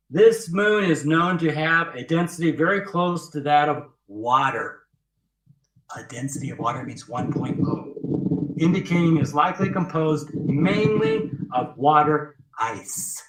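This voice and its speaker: A man's voice: fairly high pitch, fairly bright tone. A man presenting a webinar, teaching emphatically and repeating his points with rhetorical questions. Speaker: webinar presenter walking through his book. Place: outdoors with trees behind him. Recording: echoey sound, voice distant from the mic.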